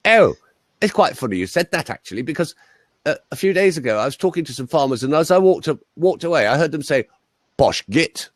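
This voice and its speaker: A man doing a chatty, self-assured posh gentleman, pitched well above his own voice. The voice is lively and swoops around. It sounds dry and close. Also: slow, hardly any pauses, no room sound, exaggerated voice. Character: posh upper-class male canvasser, chatty.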